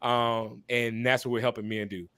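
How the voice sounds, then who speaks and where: A man's voice: mid-range voice, flat delivery, normal speed, a bit bright, smooth. Male minister as podcast guest: candid, passionate, preacher cadence with repeated phrases, mid-range voice. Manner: apologetic asides to listeners. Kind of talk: candid conversational testimony.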